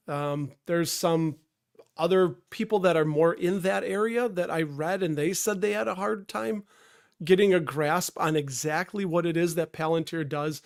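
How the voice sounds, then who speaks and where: Rambling man with a head cold. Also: fairly high pitch. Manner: rambling, self-interrupting, greets chatters. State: stuffed up from a cold. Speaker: live stream host. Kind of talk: casual live stream chat.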